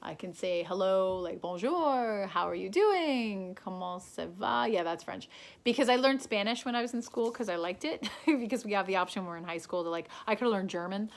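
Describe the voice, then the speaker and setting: A woman's voice: mid-range voice, fairly quick. A woman from Canada chatting casually to a pen pal on video, rambling with lots of ums and restarts.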